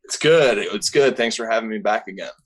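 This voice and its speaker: A man, a guest musician, answering casually from his home basement in a relaxed, friendly way with many fillers. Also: lowish voice, brisk. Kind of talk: casual interview.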